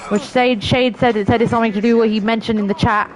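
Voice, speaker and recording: A woman with a London accent giving chatty, excitable live commentary as she plays a game, yelping and swearing at it. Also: fairly high pitch, fast talker. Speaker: game streamer.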